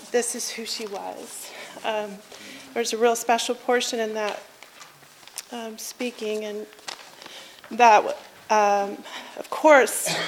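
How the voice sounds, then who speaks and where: A woman speaks very slowly and gently as she remembers a friend. Her voice sits a touch high and drifts through long, searching pauses. A faint noise lies under the recording. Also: rough recording. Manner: slow and reflective, with many pauses and fillers. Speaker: church member giving a eulogy. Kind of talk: halting memorial tribute.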